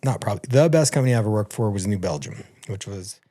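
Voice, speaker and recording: A man, a podcast guest in casual talk, telling a story with lots of swearing and acting out the other people's lines in a higher, louder voice. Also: fast talker. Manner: animated, profane, acts out quotes in a raised voice.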